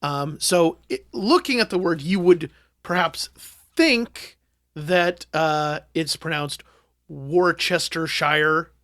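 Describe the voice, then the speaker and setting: A man co-hosting a comedy podcast, spinning a made-up history lesson with deadpan, mock-scholarly delivery and lots of ums. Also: on the high side, slow, dry recording, studio quality. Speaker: podcast co-host. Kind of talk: casual banter, tall-tale explanation.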